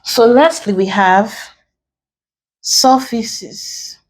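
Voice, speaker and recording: A female English tutor with a slightly high voice leads an exam-prep lesson. She deliberately spells out word endings one letter at a time.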